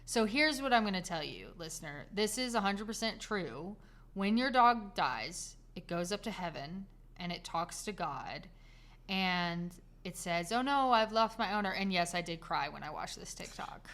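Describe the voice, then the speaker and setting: A woman co-hosting a casual podcast, comforting a listener and telling a story with animated delivery. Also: lowish voice, a little slow. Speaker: podcast co-host. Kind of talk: casual chat.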